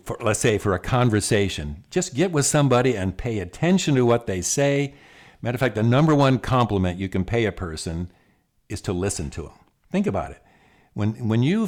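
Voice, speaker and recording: A man's voice: medium pitch, darkish tone. An older man giving a casual, folksy talk about the mind, often repeating words and chuckling. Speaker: speaker on self-talk and the mind.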